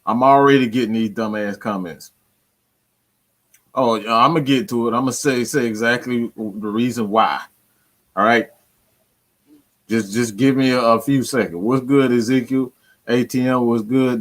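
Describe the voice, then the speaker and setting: A man's voice: mid-range voice, fairly even intonation, unhurried. A man hosting a fan channel, ranting about his team with slang, swearing and lots of repetition. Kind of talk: profane sports fan rant.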